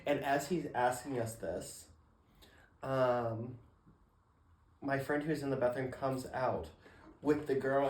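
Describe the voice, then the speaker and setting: A man co-hosting a podcast, spinning stories casually with lots of fillers and acted-out quotes. His voice sits at an ordinary mid pitch. The room gives it a noticeable echo. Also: slow, long pauses. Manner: animated storyteller, fillers, acts out quotes. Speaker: podcast co-host. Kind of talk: casual storytelling chat. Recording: roomy echo.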